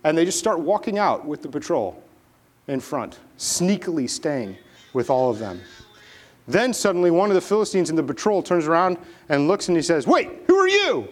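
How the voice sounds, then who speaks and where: A man's voice: on the high side, normal speed. A man preaching a sermon, dramatically retelling a Bible story and acting out the characters as he goes. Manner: animated, dramatic retelling with acted voices.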